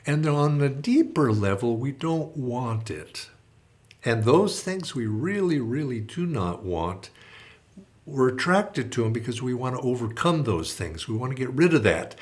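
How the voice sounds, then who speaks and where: A man giving a spiritual talk as a teacher, reflective and halting, with many restarts. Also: mid-range voice, big pitch swings. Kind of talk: spiritual talk with a storytelling part.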